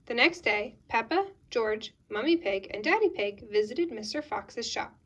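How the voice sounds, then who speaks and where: A woman reads a children's picture book aloud. Her delivery is gentle and expressive, pitched fairly high. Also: a little slow. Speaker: storyteller. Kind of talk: children's storybook read-aloud.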